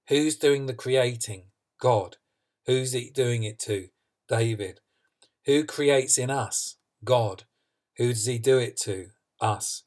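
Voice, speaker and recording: A man's voice: medium pitch, takes it slowly, a little mellow. A man preaching a sermon, earnest and emphatic, reading scripture and asking questions he answers himself. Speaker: pastor.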